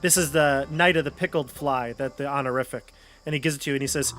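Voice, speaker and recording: A man narrating as game master of a tabletop role-playing game in a relaxed, casual way. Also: mid-range voice, fast talker, soft background music.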